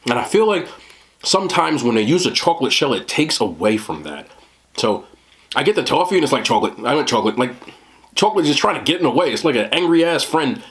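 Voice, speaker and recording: A man's voice: mid-range voice, fairly bright tone. A man with a New Jersey accent doing a casual food review, blunt, profane and joking.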